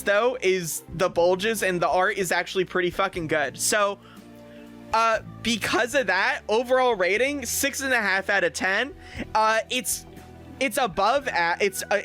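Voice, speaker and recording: A man giving a casual streamed review, excitable and rambling with lots of fillers and swearing. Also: sits high.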